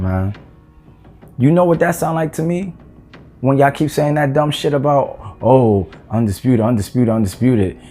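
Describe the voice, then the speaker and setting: A man's voice: mid-range voice, dark tone. A man ranting heatedly about boxing rankings in a vlog, cursing and exasperated, with rhetorical questions. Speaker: boxing commentator.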